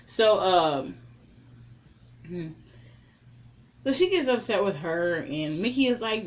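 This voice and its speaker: A woman casually recapping and reviewing a film, blunt and profane, telling the story with lively opinions. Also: mid-range voice, slow pace, long pauses.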